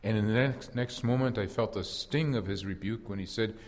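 A man giving voice to an impulsive old fisherman-apostle who looks back on his failings with earnest candor and a wry, self-mocking edge. The voice sits fairly low, and a long hall reverb trails behind every phrase in this first-person dramatic monologue. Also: normal speed, a little mellow, close to an everyday voice. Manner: earnest reflective storytelling with wry self-deprecation.

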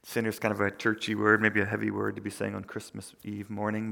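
Male preacher, sermon in a church, gravelly voice, long echoing reverb, loud-to-whisper swings. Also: fairly low pitch, monotone, a little fast, hardly any pauses. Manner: conversational, swings from loud emphasis to near whisper; repeats words, restarts. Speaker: pastor.

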